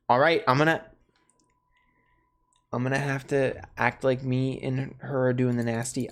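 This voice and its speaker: Wry joking game commentator. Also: male voice, mid-range voice, level tone, a little slow, long pauses. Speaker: gameplay commentator.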